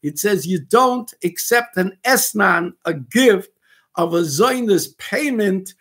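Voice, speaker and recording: A man's voice: high-pitched, lively intonation, takes it slowly, fairly bright tone, slightly rough. A man, a rabbi giving blunt, fiery video commentary full of Yiddish and Hebrew terms. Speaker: rabbi and activist host.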